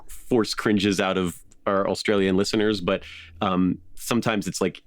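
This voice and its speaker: Low-voiced guy on a podcast, chatty, lots of um and like, dry close sound. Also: normal speed, no echo. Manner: animated, laughs often, many fillers. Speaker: podcast host. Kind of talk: casual storytelling chat.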